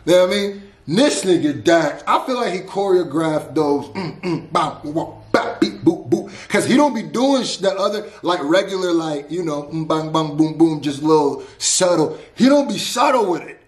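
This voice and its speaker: A laid-back man talks through a reaction video, repeating lines back and musing over them. His voice sits a bit high for a man. The room around him is noticeably echoey. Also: expressive, moderate pace. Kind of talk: casual reaction commentary.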